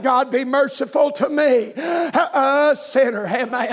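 A preacher, a man with a strikingly high voice, delivers a revival sermon. He hollers and slides into a sing-song cadence, dropping amens between his lines. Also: takes it slowly.

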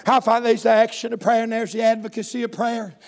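High-voiced hollering preacher. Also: male voice, little pitch movement, fast, creaky, a little mellow. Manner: hollering, sing-song preaching with frequent amens. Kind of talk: revival sermon.

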